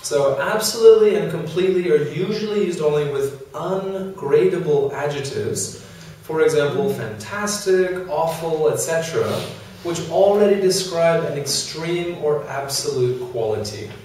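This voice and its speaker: A man's voice: a little high, lively intonation, normal speed, few pauses, a little mellow, a little hiss or hum. A man teaching an English grammar lesson to a class, explaining with many examples and fillers. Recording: echoey classroom from far off.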